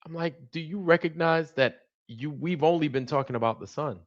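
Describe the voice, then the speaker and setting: In a casual livestream monologue, a man plays both parts of a conversation with animated energy. He speaks at normal speed in a fairly high voice, and the sound is lo-fi.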